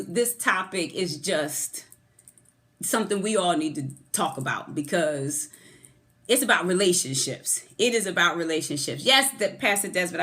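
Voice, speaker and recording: A woman's voice: lowish voice, fairly bright tone. A middle-aged woman and former therapist hosting a live-streamed motivational talk, effusively greeting viewers by name before her topic. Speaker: host of a motivational livestream. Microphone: phone camera.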